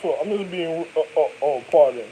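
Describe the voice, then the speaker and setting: Man, casual vlog storytelling, lively swinging pitch, laughs a lot, street slang. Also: normal speed, a little hiss or hum, rough recording. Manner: animated, laughs often while telling stories; loose, rambling street slang. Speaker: vlogger.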